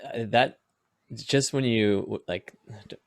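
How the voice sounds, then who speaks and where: A man's voice: medium pitch, takes it slowly, gravelly, dry recording, clean studio sound. A man hosting a podcast, speaking hesitantly and searching for his words in casual conversation. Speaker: podcast host. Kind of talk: casual interview chat.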